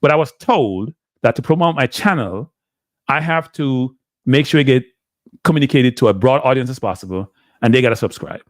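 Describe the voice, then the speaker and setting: A man with a Jamaican accent hosts a live stream and talks to his chat in a loose, rambling way, sounding exasperated and drifting in and out of patois. His voice sits at a middling pitch, and the recording is close and dry. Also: lively intonation, moderate pace, dry recording. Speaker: live show host.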